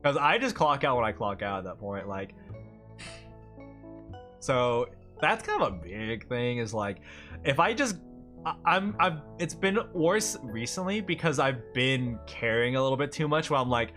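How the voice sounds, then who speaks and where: A man's voice: mid-range voice, sing-song, moderate pace, fairly bright tone, soft background music. Rambling, chatty male streamer. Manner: rambling, chatty, laughs often. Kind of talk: casual livestream chat.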